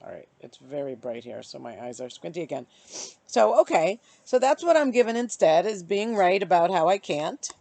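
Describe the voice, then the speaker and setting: A woman vlogging casually to camera, reflecting out loud in a halting, searching way with many pauses and fillers. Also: on the low side, big pitch swings, creaky, dry recording. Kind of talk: casual self-reflective vlog. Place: bright outdoor spot.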